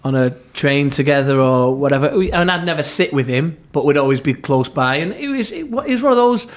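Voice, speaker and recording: A middle-aged former football club therapist, appearing as a podcast guest, tells lively anecdotes in an interview. His voice is a little high and fairly quick, and he acts out quoted lines and restarts often.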